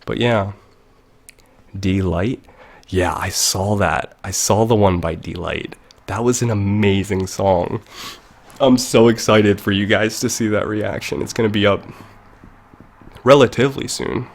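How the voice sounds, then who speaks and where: A man's voice: on the low side, measured pace, long pauses. A young man chatting casually on a live stream, rambling into tangents and laughing often, with the mic very close to his mouth. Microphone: desk mic very close to mouth.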